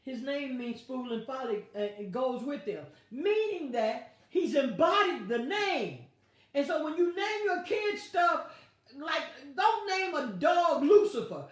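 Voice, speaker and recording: A woman pastor leads a Bible study in a fairly high voice that swoops up and down. She teaches playfully, full of asides and acted-out quotes. The sound rings with heavy room echo. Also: very animated, unhurried. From United States. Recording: very echoey room.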